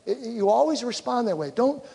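A man's voice: extremely high pitch, lively intonation, normal speed, vocal fry, warm tone, breathy edge. A man, a pastor, giving a conversational sermon in church and acting out quoted voices. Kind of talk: sermon on communication. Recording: long reverb of a hall.

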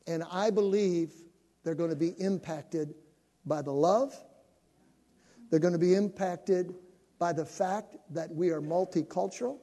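An older male pastor making an animated appeal to his congregation, building up to shouting. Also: sits high, unhurried. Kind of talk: sermon announcement to a congregation. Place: church sanctuary. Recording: long reverb of a church hall.

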